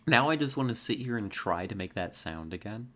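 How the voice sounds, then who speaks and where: A woman streaming a game, chatting casually and excitedly, laughing often and making playful growling noises. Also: extremely low pitch, fairly quick. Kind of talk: casual live-stream commentary.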